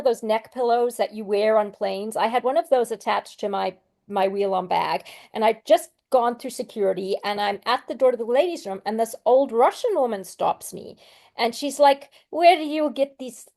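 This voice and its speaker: A woman from Australia, a guest actress chatting in an interview and telling stories with animated energy. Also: on the high side, moderate pace, vocal fry. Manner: animated storyteller. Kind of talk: casual interview chat.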